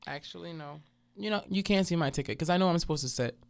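Blunt, higher-voiced man co-hosting a chat show. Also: fast talker, vocal fry, no echo. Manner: blunt, animated storyteller. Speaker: podcast co-host. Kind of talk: casual chat.

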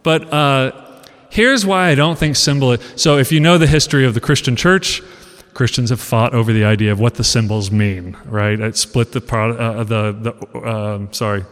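A college professor in his forties giving an animated, conversational talk, asking his audience questions and acting out lines. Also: mid-range voice, moderate pace. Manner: animated storyteller, acts out quoted lines. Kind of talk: casual lecture talk. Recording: long reverb of a hall.

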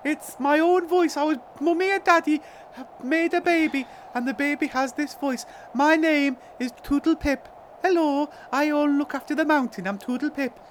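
A man voicing a childlike, cheeky mountain goblin with a squeaky baby voice in an improvised role-play game. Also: moderate pace, few pauses, a little hiss or hum. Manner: giggly, teasing, mock-ominous.

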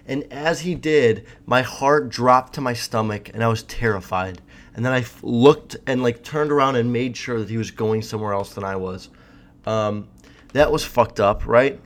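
A man's voice: mid-range voice, a little slow. A young man telling rambling personal stories straight to camera, swearing often and restarting his sentences. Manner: rambling, profane, frequent fillers and restarts. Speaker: vlogger. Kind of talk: casual storytelling monologue.

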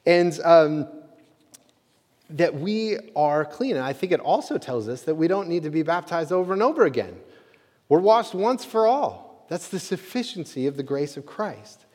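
A man's voice: high-pitched, animated, normal speed, a little mellow. A man preaching a sermon as pastor, earnest and conversational, with frequent fillers like "you know" and "uh.". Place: church sanctuary. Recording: long hall reverb.

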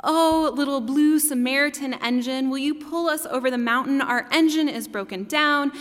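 A chorus of desperate little storybook toys, pitched high and begging over and over, as a woman puts them on. The pleas ring out in a long hall reverb. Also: normal speed, natural voice. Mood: pleading. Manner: pleading, high. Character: chorus of pleading dolls and toys.

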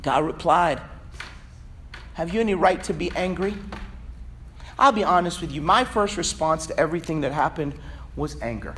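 A man preaching a sermon, swinging between fervent shouting and quiet, conversational asides. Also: a little high, normal speed, pauses often, slight background noise. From Virginia, USA. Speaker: pastor.

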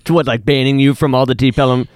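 A man's voice: mid-range voice, fairly even intonation, fast talker, dry recording, clean studio sound. A man co-hosting a podcast, chiming in with wry, supportive remarks in casual chat. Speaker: podcast co-host.

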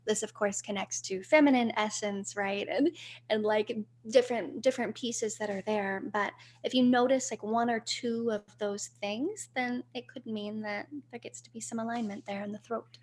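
A woman speaking as a podcast guest in a flowing, searching way, with a slight vocal fry. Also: a little high, steady tone, moderate pace. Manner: flowing, spiritual, searching for words. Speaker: guest, voice coach. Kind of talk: podcast interview.

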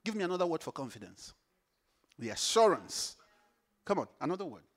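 A man preaching a sermon, animated, repeating phrases for emphasis and swinging from hushed to loud. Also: fairly high pitch, fairly quick.

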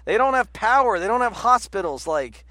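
A man in casual political chat, rambling and animated with lots of "like" and restarts. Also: high-pitched, normal speed. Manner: rambling, animated, heavy use of "like".

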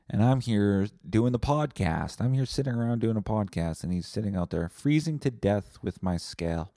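A man's voice: lowish voice, animated, moderate pace, hardly any pauses, warm tone, dry recording, studio quality. A man hosting a solo podcast, talking in a rambling, blunt, profane way. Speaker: podcast host. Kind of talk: casual solo podcast monologue.

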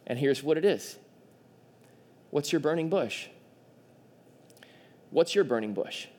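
A male pastor delivering a sermon with a fairly high voice. He talks in an animated way and slips into playful voices for the figures in his story. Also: takes it slowly. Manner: animated, acts out quoted voices.

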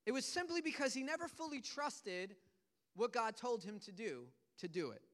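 A man's voice: extremely high pitch, lively intonation, moderate pace, fairly bright tone. A man preaching a sermon, retelling a scripture story in earnest, casual storytelling words. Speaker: pastor.

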